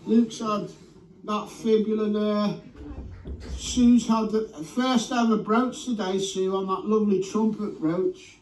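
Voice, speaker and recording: A man's voice: sits high, steady tone, takes it slowly, a little mellow, roomy sound, far from the mic, poor audio. A man addressing his viewers with enthusiasm, out in a field. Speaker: vlog host.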